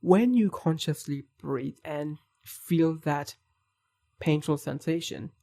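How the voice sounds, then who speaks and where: Speaking directly to the listener, a man coaches viewers through anxiety recovery in an earnest, reassuring self-help talk. His voice is fairly high, slow, creaky, and mellow.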